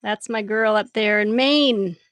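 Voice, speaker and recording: A woman's voice: mid-range voice, a little slow, a bit bright, dry recording. A woman chatting casually with viewers while she draws on a livestream, laughing often as she reads out their comments. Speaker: art livestream host.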